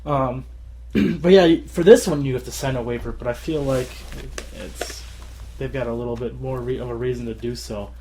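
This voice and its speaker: A tired man co-hosting a podcast in casual chat, rambling and laughing often as he acts out shouted quotes. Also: mid-range voice, moderate pace, a little hiss or hum. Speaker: podcast co-host.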